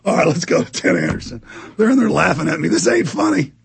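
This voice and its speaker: A man who is a hoarse, gravelly talk radio host with a rather high pitch. He rants with fiery sarcasm and bursts into shouts. His voice sounds rough and worn from screaming. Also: wildly swooping pitch, fast talker. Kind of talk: heated talk radio ranting.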